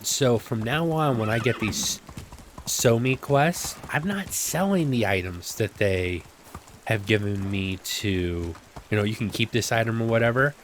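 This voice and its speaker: A gameplay video host with a mid-range, animated voice talks at a normal pace into a desk microphone, with slight background noise. He chats casually while playing a video game, mocking himself and wandering off into asides, let's-play style.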